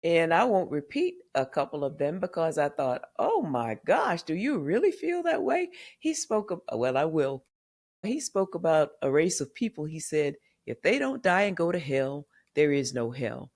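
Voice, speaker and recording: A woman's voice: low voice, sing-song, moderate pace, a little mellow. An older woman from the American South, a memoir author and podcast guest, telling family stories candidly and acting out what her relatives said. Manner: candid storyteller who acts out quoted family members. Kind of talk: podcast interview storytelling.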